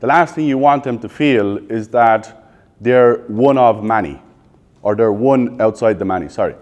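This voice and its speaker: This Irish man in his thirties, with a fairly low, darkish voice heard through lo-fi sound, conducts a live sales training. He throws rapid questions at the room and answers them bluntly, swearing now and then.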